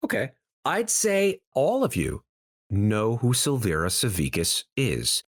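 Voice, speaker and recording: A man narrating as dungeon master in a measured, descriptive way. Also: mid-range voice, huge pitch swings, breathy edge, dry recording, studio quality. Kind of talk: narrating a tabletop game.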